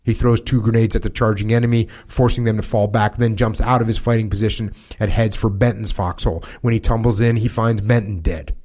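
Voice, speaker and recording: A man hosting a podcast, reading a wartime account aloud in a measured, grave way, with small slips and restarts. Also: lowish voice, steady tone, darkish tone. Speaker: podcast host.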